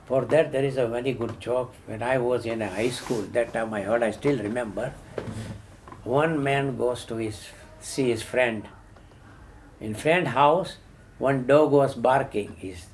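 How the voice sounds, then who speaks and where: A man's voice: mid-range voice, unhurried, pauses often, a little hiss or hum. An older man speaking as an activist in an impassioned talk, emphatic, repeating words and rising sharply on his questions. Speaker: Hindu activist.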